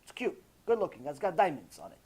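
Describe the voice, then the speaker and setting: Rabbi, male, high voice; insistent preacher who hammers points with repetition and rhetorical questions. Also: very animated, fast, darkish tone, husky. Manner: emphatic, repeats key phrases, rhetorical questions. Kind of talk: Torah lecture sermon.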